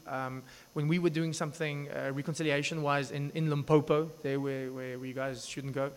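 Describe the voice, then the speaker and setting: A man preaching a sermon, telling a story with lively asides, restarts and acted-out quotes. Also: a little high. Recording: echoey hall reverb.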